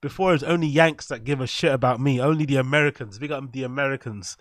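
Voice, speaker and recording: Crude joking English streamer. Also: male voice, medium pitch, fast talker, noisy background. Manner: crude, joking, shout-outs to chat. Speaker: live streamer. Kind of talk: casual live reaction stream.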